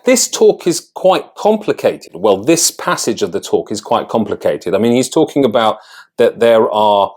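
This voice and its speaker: A man teaching public speaking in a video lesson, talking clearly and deliberately stressing key words. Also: fairly low pitch, very animated, a little mellow.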